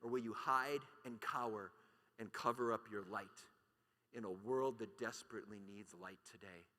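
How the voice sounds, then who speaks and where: A man's voice: on the low side, normal speed, sharp tone. A man giving an impassioned keynote talk at a conference, emphatic and full of rhetorical questions. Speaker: conference speaker. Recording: long hall reverb.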